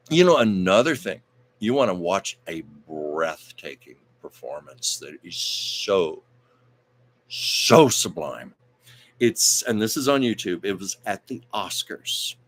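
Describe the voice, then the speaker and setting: A man with a somewhat low voice hosts a casual livestream. He talks in a chatty, digressive way, wandering between stories and viewer comments he reads aloud. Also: a bit bright. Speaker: host of a livestream show.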